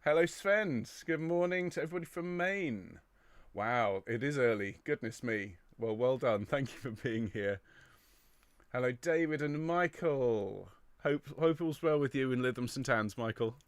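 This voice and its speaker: A man's voice: mid-range voice, unhurried, no echo. Man, choir director, chatty, greets viewers, middle-aged, dry close sound. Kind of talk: livestream rehearsal chat. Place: home studio.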